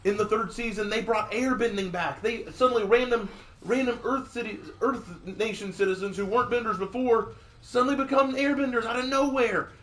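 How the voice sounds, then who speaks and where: A man streaming live, casually answering viewer questions at length, sometimes ranting with rising excitement and sometimes explaining earnestly with restarts. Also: extremely high pitch, a little fast. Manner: rants with rising, excited emphasis.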